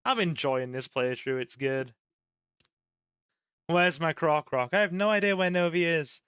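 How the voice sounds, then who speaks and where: A man's voice: on the high side, unhurried, fairly bright tone, clear, resonant tone, no echo. A man giving casual let's-play commentary, chatty and joking, swearing casually and talking to his viewers. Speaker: gaming channel host.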